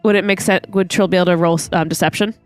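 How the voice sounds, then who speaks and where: A woman's voice: lowish voice, steady tone, quick pace, smooth, faint music behind. A woman playing a tabletop game, joking with the others. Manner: playful, joking. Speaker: player.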